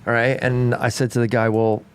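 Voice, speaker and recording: A young man with an East Coast American accent that carries a faint British edge. He tells long, rambling stories full of false starts and restarts. His voice sits at an ordinary middle pitch, and he sounds easygoing and chatty. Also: little pitch movement, fairly quick, clear, resonant tone. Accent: East Coast American, slightly British. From Washington DC and Maryland area. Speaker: podcast co-host. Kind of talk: casual chat.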